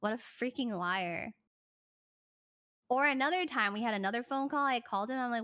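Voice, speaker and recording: A woman streamer casually telling a personal story, animated, swearing and full of "like" fillers. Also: a little high, moderate pace.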